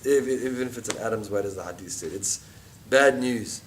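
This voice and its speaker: A middle-aged man teaching an informal religious class, chatty and animated, with asides and mock quotes. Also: on the low side, brisk, recorded from a distance, slight background noise.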